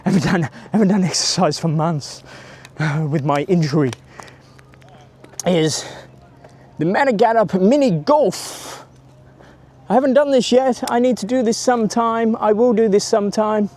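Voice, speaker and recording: A man's voice: high-pitched, a little slow, a little mellow. A man giving a chatty, rambling walking-tour vlog outdoors by a stadium, filming on a handheld camera or phone and greeting passers-by. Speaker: travel vlogger.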